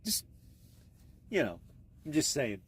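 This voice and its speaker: A man's voice: medium pitch, huge pitch swings, slow pace, fairly bright tone, husky. A man rambling casually and crudely on a live stream, talking into his phone. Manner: crude, meandering, offhand.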